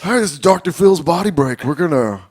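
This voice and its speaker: A folksy middle-aged TV doctor, as a man on a podcast puts him on, pitching a workout in a mock-upbeat sales voice. The voice is pushed higher than his normal talk, and louder too. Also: lively intonation, fairly quick. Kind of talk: comedic impression on a podcast.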